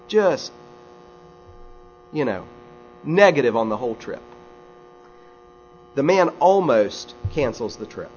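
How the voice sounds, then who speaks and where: A man's voice: medium pitch, animated, measured pace, pauses often. A man preaching a sermon, a folksy storyteller who drops conversational asides to his congregation. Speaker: pastor. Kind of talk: sermon with humorous stories. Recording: slightly dull recording with faint mains hum.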